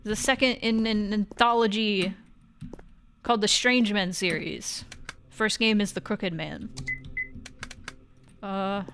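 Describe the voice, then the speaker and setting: A woman's voice: medium pitch, fairly even intonation, slow, pauses often, slight background noise. A woman streaming a game, joking around and reading its dialogue aloud. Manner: playful, jokey, reacts loudly. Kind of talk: let's play commentary, reading dialogue aloud.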